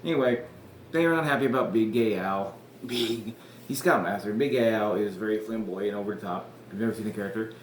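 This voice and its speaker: Podcast dude rambling and cussing, keeps correcting himself, roomy echo, bit of hiss. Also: male voice, fairly low pitch, a little fast. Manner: rambling, laughs often, swears, self-corrects. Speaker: podcast host. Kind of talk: casual recap commentary. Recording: echoey room with faint noise.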